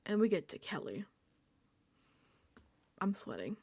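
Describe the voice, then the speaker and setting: A woman's voice: medium pitch, unhurried, gravelly, breathy edge, no echo. Woman gushing through a reality show recap, acts out her reactions, dry close mic. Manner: animated, acts out her own reactions and quotes. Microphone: desk microphone.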